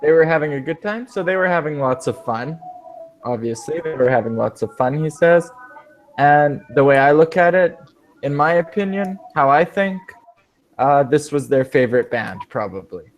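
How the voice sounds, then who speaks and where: A man's voice: fairly high pitch, animated, normal speed, slight background noise. Patient male English teacher. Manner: patient, explains with many rephrasings. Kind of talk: explaining in a speaking class.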